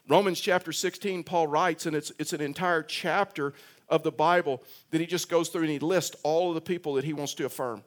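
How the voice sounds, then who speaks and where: A man's voice: on the high side, steady tone, normal speed. A man preaching a sermon in a conversational way, telling a personal story, often repeating words and restarting, and rising in voice for emphasis. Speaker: pastor.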